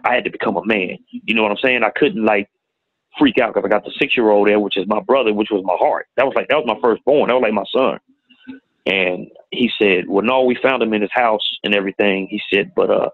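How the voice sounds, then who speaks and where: A middle-aged man telling a painful personal story in a plain-spoken, halting way, recorded with tinny phone-like sound. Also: lowish voice, no room sound. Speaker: guest telling his story. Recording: tinny phone-like audio, dry.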